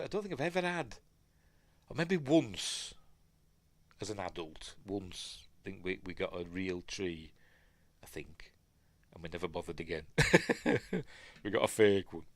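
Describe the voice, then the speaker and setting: A man's voice: fairly low pitch, expressive, unhurried, pauses often. A man with a Yorkshire accent casually breaking down a film, rambling and digressing with lots of fillers. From Yorkshire, England. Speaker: film reviewer.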